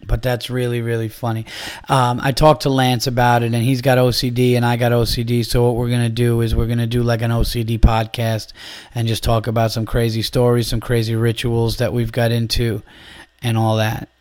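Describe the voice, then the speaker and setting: A man's voice: mid-range voice, brisk. Male podcast host, casual storyteller with a mid-range voice, loose and profane. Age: adult, began comedy around 2003. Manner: animated, swearing, breaks into loud laughter.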